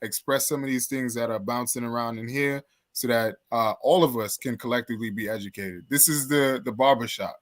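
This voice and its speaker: A man's voice: medium pitch, fairly quick, few pauses, no echo, clean studio sound. A man, a guest, talking in an earnest, reflective way during a casual discussion. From New York, Trinidadian parents. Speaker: guest, local politician.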